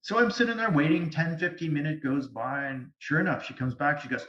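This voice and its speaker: A man speaking as a guest medium, telling stories in an animated way over a video call. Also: fairly high pitch, brisk. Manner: animated, lively storytelling. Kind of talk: storytelling interview. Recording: distant, echoey, dull sound.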